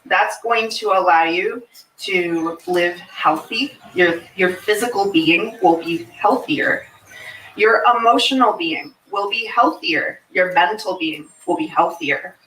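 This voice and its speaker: A woman's voice: on the low side, pushed and bright, a little hiss or hum. A woman practitioner of hypnosis giving an earnest explanatory talk to a fair audience, often checking in with "okay?". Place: fair venue, indoors. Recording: echoey room, mic far off.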